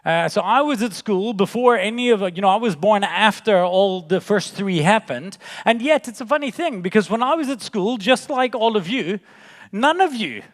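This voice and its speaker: A man in his forties giving a jokey, animated conference keynote into a stage mic, weaving in stories. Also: high voice, moderate pace. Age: 40s. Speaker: keynote speaker. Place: large conference hall. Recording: long reverb in a conference hall.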